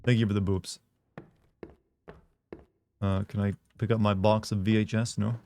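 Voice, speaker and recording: An American man from the United States live-streams a game, joking and chatting with his viewers as he plays, giving live gameplay commentary. His voice is lowish with little pitch movement and a normal speed, over a noisy background.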